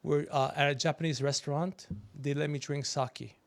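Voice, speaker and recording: A man's voice: on the high side, fairly even intonation, normal speed, vocal fry. A middle-aged man bantering as a podcast co-host. He teases bluntly and plays the critic. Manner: blunt, teasing, playfully critical. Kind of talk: casual banter.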